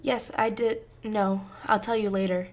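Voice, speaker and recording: A woman voicing a worried middle-aged mother who speaks softly and gently. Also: medium pitch, steady tone, measured pace. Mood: calm. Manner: soft and gentle.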